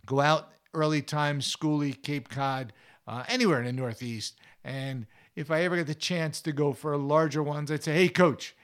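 A man's voice: on the high side, fairly even intonation, moderate pace. A man hosting a fishing show, giving casual advice in a chatty, folksy way with anecdotes. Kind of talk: casual instructional talk.

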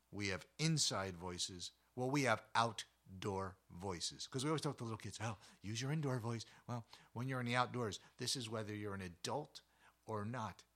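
Folksy outdoors host, male, bright and forward tone, animated delivery with jokes, recorded outside in the mountains. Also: fairly low pitch. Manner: folksy, animated, jokes, mimics quiet trail voice. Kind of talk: casual outdoor tips talk.

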